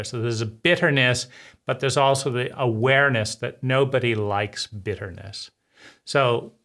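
Man, personal testimony monologue; bitter, intense, halting delivery with restarts. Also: medium pitch, fairly bright tone. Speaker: trauma survivor speaking to camera.

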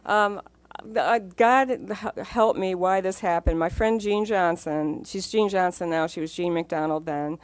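Brief: woman panelist, animated storyteller who acts out quotes, dry close mic. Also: lowish voice, a little slow, dry recording. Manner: lively storyteller, laughs often, acts out quotes. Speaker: former magazine editor on a panel. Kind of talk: animated anecdote telling. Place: library event hall.

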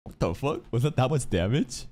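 A young man casually reacting to an anime episode as a streamer, swearing, laughing and riffing quick jokes. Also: mid-range voice, expressive, over loud music. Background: anime soundtrack playing.

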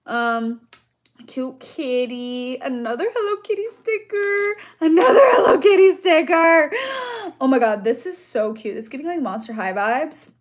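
A woman's voice: sits high, sing-song, unhurried. A young woman YouTuber chatting casually as she unboxes fan mail, gasping and gushing with "oh my gosh" and "so cute". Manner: gushing, gasping and squealing over gifts; says "so cute" and "oh my gosh" over and over.

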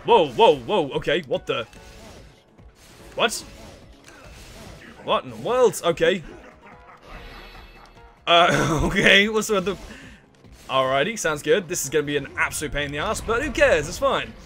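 A man's voice: on the high side, expressive, sharp tone. A young man chatting and rambling through casual let's-play commentary. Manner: rambling, chatty, quick laughs and exclamations. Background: faint game music.

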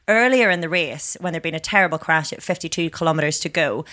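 A woman's voice: deep voice, pushed and bright. A woman co-hosting a cycling podcast, delivering a news roundup with easy, teasing banter. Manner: laughs easily, quick teasing banter. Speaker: podcast co-host. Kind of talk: casual chat and news roundup.

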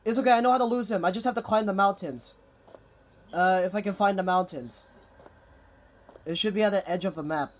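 A man's voice: high voice, fairly quick, pauses often. Jittery young man playing a game. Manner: jittery, frequent panicked outbursts. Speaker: game player. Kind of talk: casual gaming commentary.

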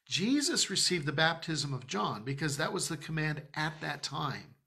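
A man preaching in a church with a gravelly edge to a bright, sharp voice, a little higher than most men. He teaches from scripture in an emphatic, conversational manner and breaks off now and then for joking asides. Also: very animated, normal speed. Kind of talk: Bible-study sermon.

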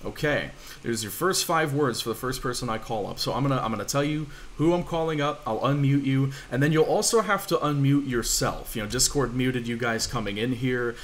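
This language teacher speaks a little fast at medium pitch, barely pausing, while a little hiss or hum sits on the line. He's giving the class over an online voice call from a room at home. He keeps it casual and reassuring, with fillers and restarts.

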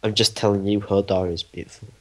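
A man's voice: fairly low pitch, fast talker. A young man, chatting dryly and teasingly over a game he is playing with a friend. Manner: dry, teasing and deadpan. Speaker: gamer co-host. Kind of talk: casual gaming commentary.

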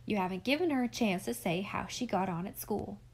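A woman reading a brisk, motherly farm aunt. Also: mid-range voice, animated, husky. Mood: chiding. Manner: teasing, no-nonsense. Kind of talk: audiobook character reading.

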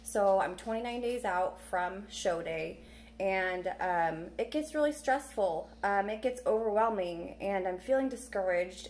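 A young woman talking in a halting, emotional way in a personal vlog, her voice close to tears. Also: mid-range voice, darkish tone, slight background noise. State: tearful. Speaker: vlogger.

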